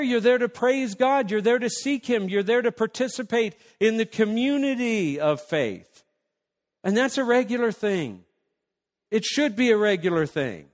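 Male pastor, sermon, high-pitched, emphatic, rhetorical questions, long church-hall reverb.

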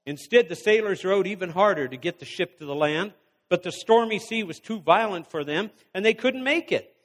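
A man with a high voice preaches, reading scripture aloud and breaking off to exhort the congregation. His voice rings with a long hall reverb. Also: animated. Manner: reads scripture then pauses to exhort the congregation.

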